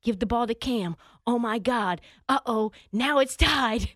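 Animated high-voiced woman riffing on football. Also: a little slow, few pauses, no room sound, studio quality. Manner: animated, acts out players in exaggerated voices. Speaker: co-host. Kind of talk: casual sports chat.

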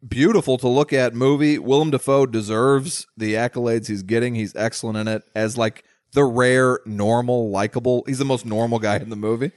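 Male podcast co-host, relaxed chatty delivery, mid-range voice, dry studio sound. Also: mid-range voice, normal speed, hardly any pauses, dry recording. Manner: relaxed film talk, acts out scenes he describes. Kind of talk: casual chat.

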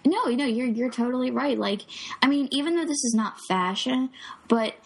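A young woman chats casually as a podcast co-host, leaning on "like" and "you know". Her voice sits a little high. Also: animated, moderate pace. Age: young adult. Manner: chatty, uses lots of likes. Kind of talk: casual chat.

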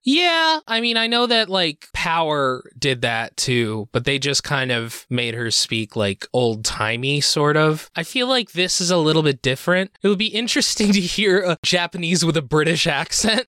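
A man co-hosting a podcast in casual chat, animated and jokey, swearing freely. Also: a little high, normal speed, hardly any pauses, smooth, dry recording, clean studio sound. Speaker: podcast co-host.

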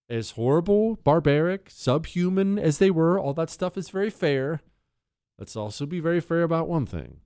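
A man's voice: medium pitch, darkish tone, smooth, no echo, clean studio sound. A man in his forties hosting a talk radio show, delivering a monologue with joking, self-mocking banter.

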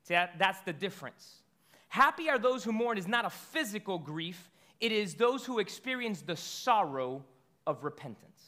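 A man delivers a sermon in a high, bright voice. He preaches conversationally, tossing out rhetorical questions and stumbling into quick restarts as he works through his point. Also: sing-song. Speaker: pastor.

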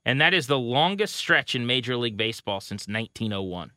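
A man co-hosting a baseball podcast, casually rattling off pitching stats with a wry edge. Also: very animated, normal speed, few pauses, pushed and bright, dry recording, clean studio sound. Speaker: podcast co-host. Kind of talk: casual sports talk.

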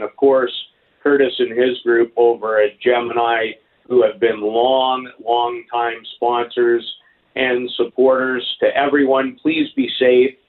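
A man speaks slowly over a tinny phone line, weighing each point like a seasoned hockey commentator. His delivery is measured and thoughtful, with the odd restart as he gathers his thoughts. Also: medium pitch. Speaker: hockey color commentator and team insider. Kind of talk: sports radio phone-in analysis.

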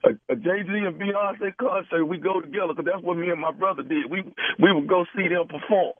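Over a tinny phone line, a man makes a radio prank call, posing as a grieving brother and earnestly pressing the person on the other end. His voice sits high and moves a little fast, with no echo.

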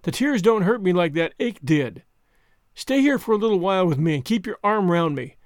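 Man reading as a grieving orphan girl, earnest and heartfelt, high voice, dry close sound. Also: expressive, normal speed, no room sound. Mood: sobbing. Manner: earnest, tearful pleading.

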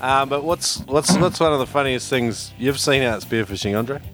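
A man's voice: mid-range voice, lively intonation, normal speed, over loud music. A man hosting a podcast interview, upbeat and keeping the chat moving. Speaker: podcast host.

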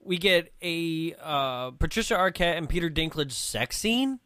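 A man chats through a movie scene by scene on a comedy podcast, laughing often and jumping into characters' voices. His voice sits a touch high and sounds bright and forceful. The recording is dry and close. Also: lively intonation, unhurried, no echo. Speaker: podcast co-host. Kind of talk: casual comedic movie recap.

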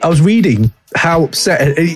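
A man hosting a hip hop podcast, talking in an animated, emphatic way and swearing freely. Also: a little high, moderate pace, faint music behind. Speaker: podcast host. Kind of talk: casual podcast talk.

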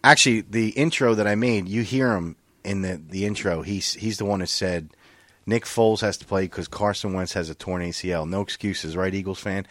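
Swearing man telling animated stories on a podcast. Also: deep voice, moderate pace, dry recording. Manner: animated, profane storytelling with acted-out quotes. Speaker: podcast host. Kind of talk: casual chat.

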